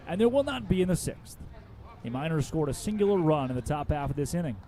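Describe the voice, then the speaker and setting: A man with an Arkansas accent calls a baseball game live, trading banter with his partner between pitches. His voice sits a little high for a man. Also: big pitch swings, fairly quick, crowd noise. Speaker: play-by-play announcer. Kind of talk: baseball play-by-play commentary.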